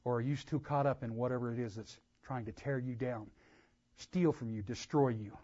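Man, pastor preaching, emphatic loud swells, middle pitch, muffled lo-fi sound. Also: moderate pace. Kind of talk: sermon.

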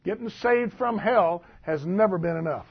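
A man preaching a sermon, reading scripture aloud and commenting on it in a folksy, animated way. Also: high voice, normal speed, gravelly, breathy edge. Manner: folksy, animated, laughs at the text. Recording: dull lo-fi recording.

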